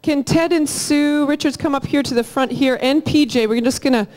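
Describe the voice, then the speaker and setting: A woman, a church leader giving announcements and telling a lively testimony in a church auditorium. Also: high voice. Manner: lively storytelling, quick and energetic.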